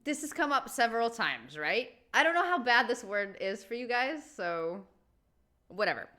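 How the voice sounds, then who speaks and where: Bright chatty woman reacting. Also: on the high side, moderate pace. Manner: chatty, animated, laughing asides. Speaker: reaction video host. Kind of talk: casual reaction commentary.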